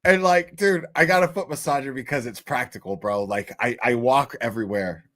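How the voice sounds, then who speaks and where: A man's voice: medium pitch, fairly quick, a bit bright. Profane rambling livestream host, man. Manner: profane, rambling, jokey rants. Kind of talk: casual livestream chat.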